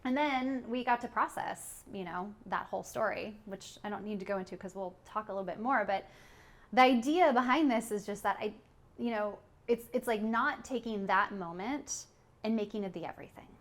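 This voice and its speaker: A woman co-hosting a parenting podcast talks casually at normal speed in a medium-pitched voice. She uses many fillers and laughs frequently.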